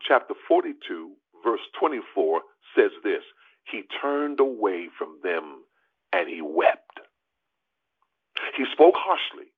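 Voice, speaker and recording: A man, a pastor, preaching an animated sermon on a prayer call, calling out to listeners as y'all and rising high for emphasis. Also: slightly rough. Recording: tinny phone line.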